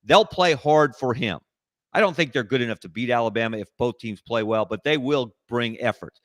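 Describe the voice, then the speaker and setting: A man speaking as a guest in a casual sports talk discussion, laying out his points in measured, analytical lists. His voice sits at an ordinary middle pitch. The call sound is dry and close, with no room echo. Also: a bit bright.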